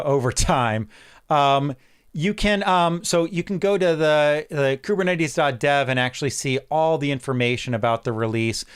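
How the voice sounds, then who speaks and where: A man hosting a casual tech livestream from his home office, chatting in a relaxed way with frequent ums and restarts. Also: mid-range voice, clear, resonant tone. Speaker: livestream host.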